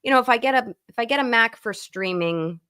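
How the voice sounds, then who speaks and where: Appearing by video call as a guest on a livestream, a woman lawyer talks in a chatty, think-aloud way, frequently starting her sentences over. Her voice is a little high, fairly quick and bright, with a forceful yet clean tone, suited to the casual chat.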